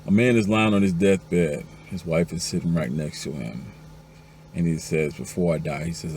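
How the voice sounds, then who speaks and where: A very deep-voiced man tells jokes one after another in a mellow, dark tone. He acts out the lines of the husbands, wives and doctors, rising to a high pitch for the women. A faint hiss of noise runs beneath the recording. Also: moderate pace. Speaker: joke teller. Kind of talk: telling a string of jokes.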